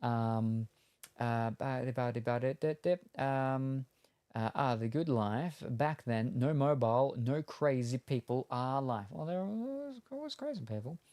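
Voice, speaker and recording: Australian streamer, rambling casual chat, dry close sound, mid pitch. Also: lively intonation, measured pace, dark tone, dry recording. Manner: rambling and hesitant, many ums; chatty, answers chat, laughs at itself. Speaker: game streamer.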